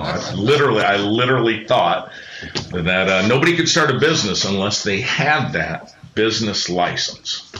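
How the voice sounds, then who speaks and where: A man's voice: lowish voice, animated, moderate pace, pushed and bright, slight background noise. A middle-aged man, a podcast guest, telling earnest personal stories with many restarts. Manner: earnest, rambling with frequent restarts. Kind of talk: reflective personal storytelling. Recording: roomy, slightly muffled sound.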